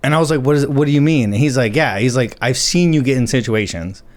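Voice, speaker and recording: A man co-hosting a relaxed podcast, spinning a long personal story. He swears freely and acts out the people he quotes, and his voice sits at an ordinary middle pitch for a man. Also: quick pace. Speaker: podcast co-host. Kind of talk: casual storytelling chat.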